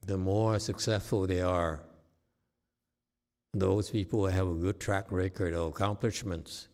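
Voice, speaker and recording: A male meditation teacher giving a dharma talk, emphatic and often checking with his listeners whether his point is clear. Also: low-pitched, steady tone, measured pace, a little mellow.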